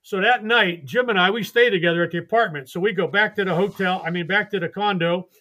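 An older man, a retired baseball coach, telling animated stories and acting out the voices of the people in them on a podcast. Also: sits high, quick pace. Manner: animated, laughing storyteller who acts out voices. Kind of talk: storytelling on a podcast.

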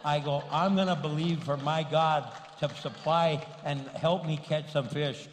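A middle-aged man, a pastor, telling a story in a sermon with lively delivery and Spanish interjections. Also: on the high side, normal speed, hardly any pauses. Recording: long hall reverb.

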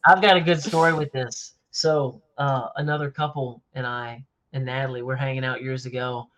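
A man who is a podcast guest and family coach, chatting casually and telling stories in an animated, joking way. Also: medium pitch, moderate pace. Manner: animated storyteller, jokey. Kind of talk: casual chat. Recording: slightly dull lo-fi sound.

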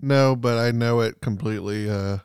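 Man, podcast co-host, gravelly fry, dry wisecracks, dead-dry sound. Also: mid-range voice, moderate pace, a little mellow, no echo. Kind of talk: casual chat.

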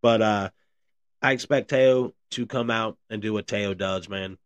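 A man with a very deep voice hosts a casual solo podcast. He rambles along loosely, full of "uh" and "man," talking straight to his listeners. The sound is close and dry, with no room around it. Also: a little slow, clear, resonant tone, dry recording. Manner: rambling, filler-heavy, says "man" and "guys" a lot. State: briefly out of breath. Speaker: podcast host.

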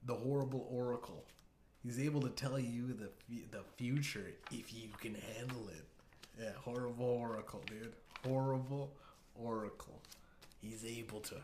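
A man hosting his own comedy show, riffing in a loose, rambling, heavily profane way and restarting his sentences often. His voice sits at an ordinary pitch for a man. The room is echoey, with a faint hiss under the voice. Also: steady tone, moderate pace, darkish tone. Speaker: host.

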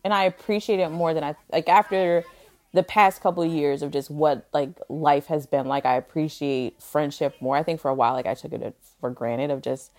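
A woman hosting a podcast, telling stories in a lively, casual way with lots of fillers. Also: low voice, brisk. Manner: animated, filler-heavy storytelling. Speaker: podcast host. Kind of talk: casual chat.

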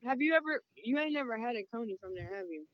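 A woman co-hosting a casual chat, answering in blunt, short, deadpan lines. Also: fairly high pitch, quick pace, no room sound, dull audio. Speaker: podcast co-host.

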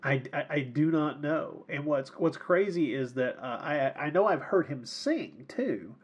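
A man's voice: fairly high pitch, animated, a little slow, slightly rough, muffled recording. A man co-hosting a podcast, talking casually about films in a rambling way, with many repeated words and frequent laughs. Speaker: podcast co-host. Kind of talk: casual film discussion.

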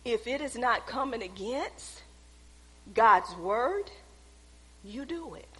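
A woman's voice: a little high, animated, takes it slowly, sharp tone, breathy edge. A woman preacher delivering a sermon in an emphatic, folksy way, repeating phrases for stress, in a church sanctuary. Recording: long echoey hall reverb.

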